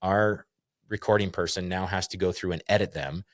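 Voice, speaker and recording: A man's voice: low voice, moderate pace, no echo, studio quality. A middle-aged man from North Idaho, a guest speaker telling stories in a casual podcast chat, laughing often and acting out dialogue. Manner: animated storyteller, laughs often, acts out dialogue.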